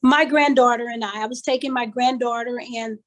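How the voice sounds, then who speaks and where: High-voiced older woman preaching a story. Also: steady tone, brisk, low-quality recording. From Kansas City, USA. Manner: emphatic, repeats phrases like a preacher. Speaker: conference speaker. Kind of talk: motivational storytelling talk. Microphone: video call.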